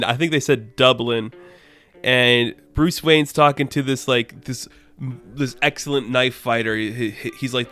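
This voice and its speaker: A man casually recapping a comic book issue, chatty, laughing often and acting out characters in quick asides. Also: medium pitch, a bit bright, clean tone.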